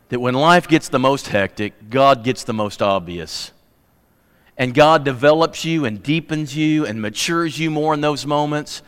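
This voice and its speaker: A man preaching a sermon in a church, emphatic and folksy, swinging from loud punchy bursts to low, quiet asides. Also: smooth. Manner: folksy, humorous. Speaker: pastor. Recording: long hall reverb.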